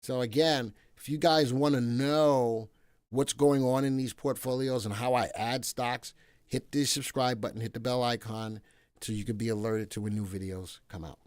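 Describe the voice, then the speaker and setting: A man's voice: mid-range voice, moderate pace, no room sound. A man hosting a casual stock market livestream, chatting with viewers and reading their comments between chart talk, playful and talkative.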